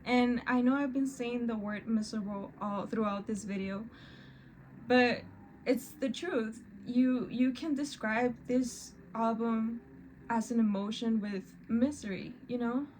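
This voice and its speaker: A woman talks slowly through a casual music reaction, her pitch sitting a little high. She often stops and restarts mid-word, and her voice carries open emotion. A faint hiss of background noise sits under her voice. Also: darkish tone, low-quality recording. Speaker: reaction video host.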